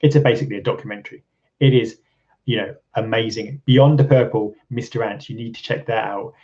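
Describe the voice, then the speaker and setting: A man's voice: on the low side, steady tone, brisk, darkish tone, muffled recording. A man from England hosting a casual live stream, rambling with lots of ums and restarts and chuckling often. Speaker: channel host. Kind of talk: casual live-stream chat reading viewer comments.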